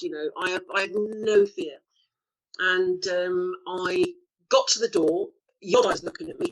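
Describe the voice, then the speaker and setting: A middle-aged woman telling stories as an interview guest, acting out the quotes with lively shifts of voice and frequent laughs. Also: medium pitch, rough recording. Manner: lively storyteller, acts out quotes, laughs often. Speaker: actor being interviewed. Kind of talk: anecdotal interview chat.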